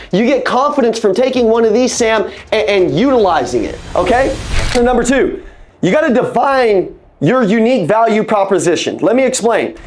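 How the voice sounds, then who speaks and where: A fired-up man coaching salespeople over a video call, with a voice pitched well above most men's. He hammers his points home and says them again, chatting casually and calling everyone "guys" and "bro". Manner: animated, emphatic, repeats key phrases. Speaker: sales trainer. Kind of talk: energetic sales training talk on a video call.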